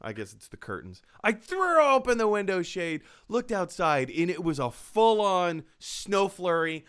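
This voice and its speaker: Excitable male host, high and smooth voice, chatty and animated. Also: unhurried. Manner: excitable, storytelling. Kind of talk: casual chat. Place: apartment.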